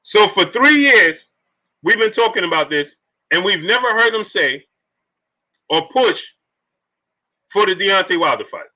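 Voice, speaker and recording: His voice sits high, expressive and sharp, at a moderate pace broken by frequent pauses. As host of a boxing talk live stream, he reads super chats and aims repeated rhetorical questions at the chat.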